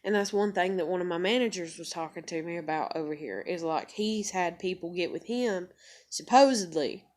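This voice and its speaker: A woman's voice: fairly low pitch, normal speed, darkish tone. A woman vlogger telling a personal story in a blunt, profane, rambling way, full of fillers and quoted back-and-forth. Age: adult parent. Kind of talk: candid personal storytelling to camera.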